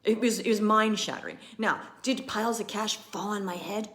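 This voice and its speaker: A woman's voice: mid-range voice, moderate pace. Chatty woman coaching on a live stream. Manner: animated, chatty, emphatic. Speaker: business coach.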